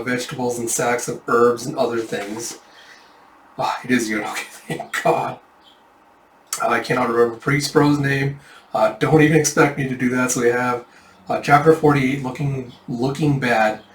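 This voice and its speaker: A man's voice: mid-range voice, a bit bright, slight background noise. Rambling man narrating a manga. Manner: rambling, self-deprecating, filler-heavy. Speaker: manga reader. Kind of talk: casual read-through narration. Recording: echoey room, distant mic.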